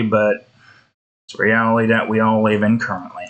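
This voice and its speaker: A man's voice: fairly low pitch, flat delivery, moderate pace, a bit bright. A man giving rambling gameplay commentary while building in a game, interrupting himself often and swearing. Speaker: game content creator. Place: indoors.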